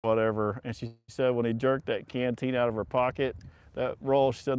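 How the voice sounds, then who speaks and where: A man's voice: mid-range voice, little pitch movement, a little fast, darkish tone, a little hiss or hum. Middle-aged male stream host; loose, rambling yarn-spinner who laughs through his stories and swears casually. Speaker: livestream host. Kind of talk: casual storytelling chat.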